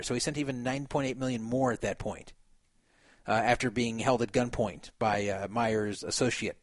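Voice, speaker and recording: A man's voice: medium pitch, fairly even intonation, moderate pace, no room sound. A man hosting a talk show, reading a news story aloud and breaking in with wry, chuckling asides.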